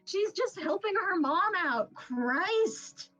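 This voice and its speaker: A woman's voice: high voice, lively intonation, takes it slowly. A woman voicing an exasperated old grandfather who scolds the people he is guiding. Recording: dull lo-fi, faint music, from off mic.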